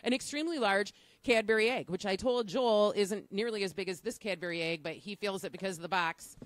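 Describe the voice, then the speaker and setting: A woman's voice: medium pitch, fairly quick, no echo. Upbeat woman hosting live radio. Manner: upbeat, teasing. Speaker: radio host. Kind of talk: live on-location radio segment. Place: bakery.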